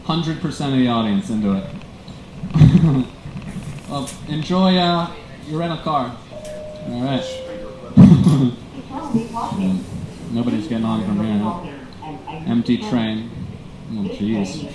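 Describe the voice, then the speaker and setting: A male stand-up comedian doing self-mocking, deadpan bits for commuters on an airport tram. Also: mid-range voice, takes it slowly, long pauses, a loud crowd, poor audio. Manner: self-mocking, wraps up the show again and again.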